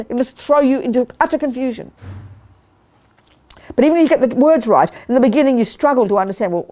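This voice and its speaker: Emphatic woman teaching with dark, mellow voice. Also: fairly high pitch. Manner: emphatic, repeats words for stress, checks in with listeners. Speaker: Buddhist teacher. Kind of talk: dharma teaching to a live group. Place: meditation hall of a study group.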